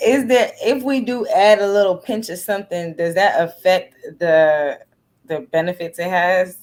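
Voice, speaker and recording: A woman participant in a casual online group chat, curious and relaxed, asking questions. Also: on the low side, measured pace. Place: video call.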